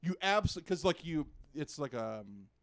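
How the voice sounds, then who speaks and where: Sarcastic and frustrated, a young man ranting about a game on his podcast swears often during this casual review. His gravelly voice runs on the high side, sing-song and a little fast.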